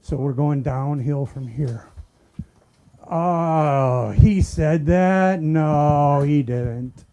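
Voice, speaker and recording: A man doing a deadpan, self-deprecating stand-up set at a comedy club open mic. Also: on the high side, drawn-out words. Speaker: stand-up comic.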